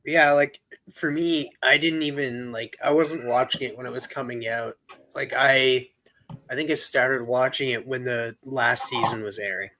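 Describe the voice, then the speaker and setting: A man's voice: mid-range voice, steady tone, moderate pace, pushed and bright, low-quality recording. Easygoing man in casual chat. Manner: easygoing, filler-heavy.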